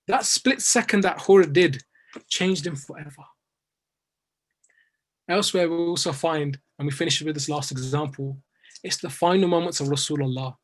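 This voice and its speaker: A man with a British English accent delivering a religious sermon, telling the story and sinking soft and low in its sorrowful passages. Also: normal speed. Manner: storytelling, grows softer and lower in sorrowful passages, rising with emotion at others. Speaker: speaker at a majlis. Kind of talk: religious sermon, recounting and lamenting.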